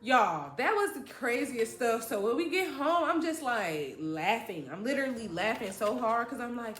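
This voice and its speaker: A woman's voice: on the high side, very animated, a little slow, few pauses, fairly bright tone. A young woman telling a dramatic, slangy story from her childhood in a vlog. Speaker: vlogger. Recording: echoey room with faint music.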